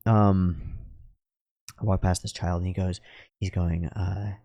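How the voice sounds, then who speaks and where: A man rambling through a profane, philosophical monologue at home while high on drugs. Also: flat delivery, slow pace, vocal fry, mellow, dry recording, studio quality. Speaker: YouTuber.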